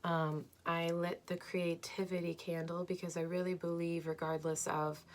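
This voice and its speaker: A young woman reading tarot cards for her viewers at home, slow and dreamy but enthusiastic, with lots of "like"s. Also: lowish voice, little pitch movement. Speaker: tarot card reader. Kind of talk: pick-a-card tarot reading.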